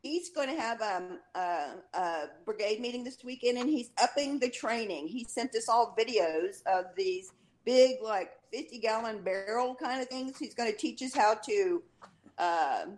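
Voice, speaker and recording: A woman's voice: on the high side, lively intonation, a little slow. Chatty woman calling in with an update. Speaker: caller, brigade member. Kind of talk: casual call-in update.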